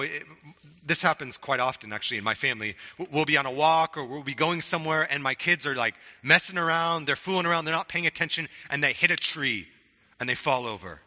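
A man's voice: a little high, bright, forceful tone, in a large hall. A middle-aged man preaching a sermon in a conversational way, often stammering on restarts and checking in with "right?". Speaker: pastor.

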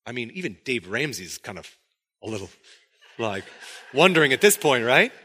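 A pastor with a husky, mid-range voice preaches at a moderate pace in a conversational, animated way. As the story unfolds, he acts out its quotes.

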